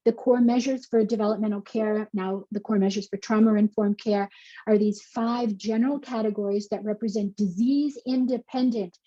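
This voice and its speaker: A woman's voice: mid-range voice, steady tone, moderate pace, dark tone, dull audio. A woman presenting a conference talk from slides, earnest and conversational, with frequent fillers and restarts. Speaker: conference speaker.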